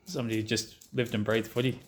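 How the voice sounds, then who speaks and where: A man's voice: on the low side, level tone, quick pace. A man interviewing a guest, prompting him with questions and giving short words of agreement as he listens. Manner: frequent short backchannel agreement. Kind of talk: conversational interview.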